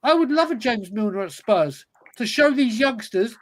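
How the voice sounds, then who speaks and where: A man's voice: extremely high pitch, animated, moderate pace, low-quality recording. A man hosting a football fan podcast, talking passionately and emphatically, often repeating himself for effect. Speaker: podcast host. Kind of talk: casual football chat.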